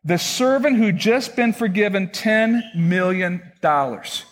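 A male pastor in his sixties delivers a sermon with a husky, slightly breathy tone. His voice sits high for a man. He preaches conversationally, often pausing to pose questions to his listeners. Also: animated, in a large hall.

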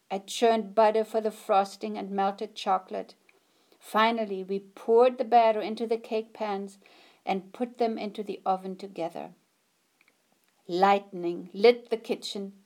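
A woman reading a picture book aloud in a gentle, expressive storytelling manner. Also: medium pitch, unhurried.

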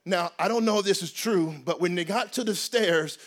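A male preacher with a notably high voice, delivering a sermon as a comic, animated story. He breaks into shouts now and then and keeps the delivery loose and conversational. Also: normal speed.

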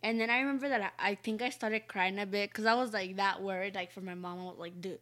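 A woman's voice: medium pitch, fairly even intonation, fast. Hesitant young-sounding woman co-host. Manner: hesitant, soft-spoken, many fillers. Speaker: co-host, host's daughter. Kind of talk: casual chat.

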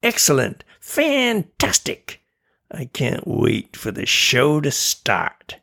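A man voicing a small, sneering male imp who gloats in slow, mocking taunts. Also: medium pitch, expressive, vocal fry, bright, forceful tone, heavily acted. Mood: gloating.

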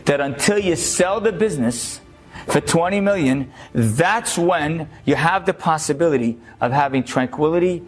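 Rabbi, male, fairly high voice, lively storyteller turning earnest preacher. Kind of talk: short Torah lecture.

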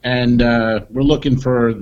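A man's voice: medium pitch, flat delivery, measured pace, muffled recording. A man co-hosting a comedy podcast, chatting in a dry, meandering way with lots of fillers. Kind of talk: casual banter.

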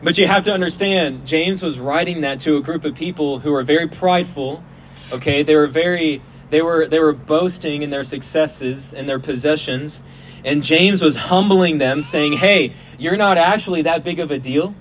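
Man preaching outdoors, casual, higher voice. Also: normal speed, rough recording. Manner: casual and joking, repeats and restarts words. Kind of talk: outdoor sermon. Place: outdoors at a festival. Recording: outdoor recording, faint hum and passing vehicles.

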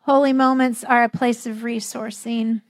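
A woman's voice: fairly high pitch, level tone, normal speed. A middle-aged woman pastor preaching a sermon in a conversational, lightly humorous way, acting out the voices she quotes.

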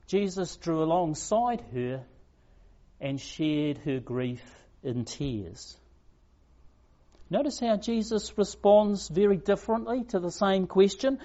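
Man preaching with slow, emphatic pauses. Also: a little high, a little mellow, muffled recording. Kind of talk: sermon.

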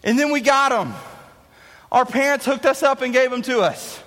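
High-voiced man telling a playful story. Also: normal speed. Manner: animated, playful, jokey storyteller. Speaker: youth speaker. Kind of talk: storytelling youth talk. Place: large hall before an audience. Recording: echoey hall reverb.

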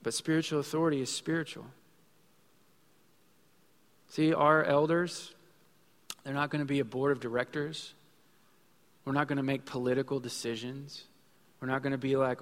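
A man's voice: mid-range voice, fairly even intonation, moderate pace, long pauses. A man in his thirties preaching a sermon in a conversational way, acting out little quotes as he goes. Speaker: pastor. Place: church sanctuary. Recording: long hall reverb with faint music.

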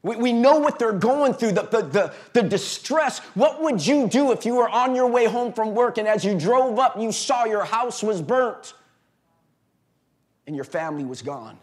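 A man preaching a sermon as pastor, impassioned and repetitive, with stammered restarts and sudden drops to a hush. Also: extremely high pitch, animated, moderate pace, few pauses. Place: church.

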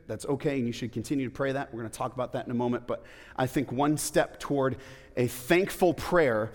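A man's voice: mid-range voice, a little fast. A man preaching a sermon in a church, talking conversationally with rhetorical questions and playful asides. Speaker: pastor. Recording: long hall reverb.

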